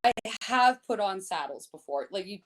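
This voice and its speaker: A woman guest on a podcast, telling a story in casual chat, swearing often and talking in a lively, laughing way. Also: medium pitch, normal speed, background noise.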